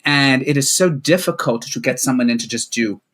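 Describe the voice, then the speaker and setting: A man's voice: medium pitch, a little fast, fairly bright tone. A middle-aged man, a coach appearing as a podcast guest, speaking conversationally with joking asides. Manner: conversational, self-deprecating asides. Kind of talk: casual chat.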